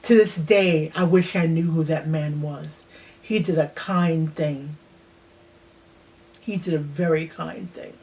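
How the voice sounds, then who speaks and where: A woman in her sixties slowly telling a personal childhood memory in a reflective way, sometimes dropping to a near-whisper. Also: low voice, fairly even intonation, warm tone, slight background noise. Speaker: host. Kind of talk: personal storytelling.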